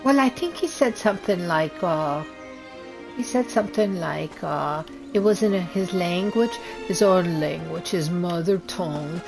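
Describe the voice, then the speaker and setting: Gravelly slow-talking woman rambling in character. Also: fairly low pitch, rough recording. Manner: rambling storytelling, trails off and restarts. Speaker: player voicing a wood elf character. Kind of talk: in-character game role-play. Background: game music.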